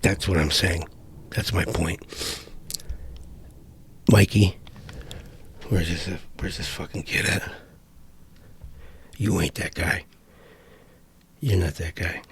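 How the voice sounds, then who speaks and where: A man's voice: low voice, fairly even intonation, slow pace, pauses often, slight background noise. A middle-aged man giving a profane, exasperated vlog rant, rambling with frequent restarts. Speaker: vlogger. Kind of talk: ranting commentary vlog.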